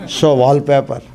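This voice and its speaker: A man's voice: mid-range voice, dark tone. A man, a swami, teaching a spiritual discourse class, emphatic and fond of asking and answering his own questions, repeating key phrases with dry humor.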